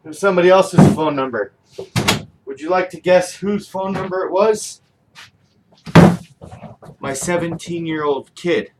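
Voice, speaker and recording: A man's voice: high-pitched, measured pace, pauses often. A middle-aged man talking candidly in a personal video diary, venting and swearing often. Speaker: vlogger. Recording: distant mic with faint background noise.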